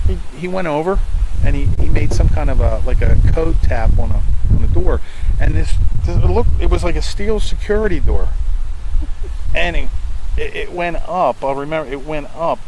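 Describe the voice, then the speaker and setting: A man's voice: a little high, moderate pace, noisy background. An older man, a navy veteran, telling rambling stories from his service in a casual interview, full of fillers and restarts and acting out the people he quotes.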